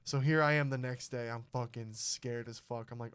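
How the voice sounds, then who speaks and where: A man's voice: medium pitch, moderate pace, clear, resonant tone. A young man hosting a podcast, telling a story in a casual, profane way and acting out the people in it. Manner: profane, animated storyteller who acts out quotes. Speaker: podcast host.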